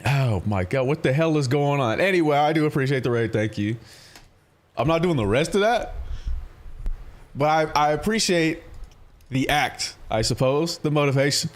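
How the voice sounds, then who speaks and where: Man, live streamer, slightly high voice, swears freely, rambles and laughs through his stories. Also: lively intonation, moderate pace, pauses often. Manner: profane, rambling storytelling, often laughing. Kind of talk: casual livestream chat with viewers.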